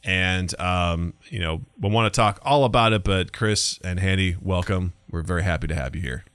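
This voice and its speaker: A man's voice: sits low, moderate pace, a bit bright, clear, resonant tone, no room sound. A man hosting a podcast in a casual, goofy, self-mocking way. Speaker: podcast host.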